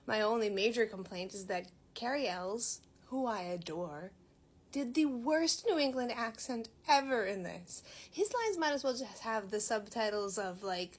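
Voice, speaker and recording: A woman's voice: fairly high pitch, lively intonation, moderate pace. A young woman from Massachusetts, chatting casually and self-mockingly as she reviews a movie she turned out to be an extra in. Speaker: movie reviewer and background actor.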